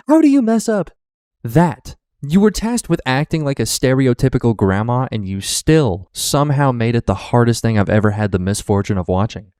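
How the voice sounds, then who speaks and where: A man's voice: mid-range voice, big pitch swings, moderate pace, a little mellow, clear, resonant tone, no room sound, clean studio sound. A male reaction video host who rants in exasperated, profane, casual talk. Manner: exasperated, ranting.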